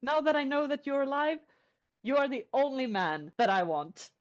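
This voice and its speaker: A woman's voice: high voice, sing-song, moderate pace. A woman voicing a passionate, strong-willed young woman who speaks emphatically. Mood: insistent. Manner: emphatic, defiant. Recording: lo-fi podcast audio.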